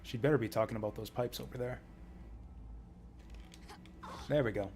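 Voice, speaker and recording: A man's voice: medium pitch, moderate pace, a little mellow, faint music behind. A man streaming a video game, giving casual commentary in a rambling, joking way with frequent chuckles.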